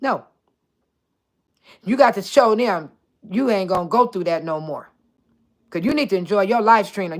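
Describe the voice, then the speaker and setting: An older woman hosting a casual live chat, talking straight to her viewers by name, chatty and animated with frequent laughter. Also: mid-range voice. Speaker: host.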